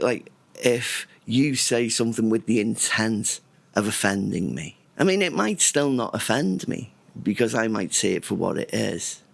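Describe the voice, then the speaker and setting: Gravelly-voiced man, home vlogger, thinks aloud and trips over his own sentences. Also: on the low side, no echo. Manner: rambling, self-interrupting, reflective. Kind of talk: casual talk to camera. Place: indoors at home.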